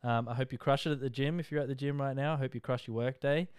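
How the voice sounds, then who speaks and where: A young Australian man talking casually into a close mic and sounding a bit tired. His voice is smooth and clear, and he rambles along with plenty of fillers. The room sounds dry, with almost no echo. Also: mid-range voice, fairly even intonation, fast talker, a little mellow. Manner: rambling and chatty, full of "like" and "um". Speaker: podcast host. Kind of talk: casual monologue update.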